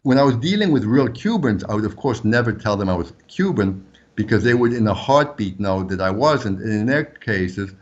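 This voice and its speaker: Animated man with a French first language. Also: normal speed, muffled recording. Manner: animated anecdotes, pitch jumps up when quoting. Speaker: former undercover agent, guest author. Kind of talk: storytelling interview answers.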